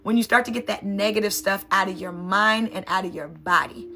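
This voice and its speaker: A woman's voice: mid-range voice, brisk, bright, forceful tone, slight background noise. A woman NLP coach and sound healer giving an emphatic, conversational motivational talk, often checking in with "right?".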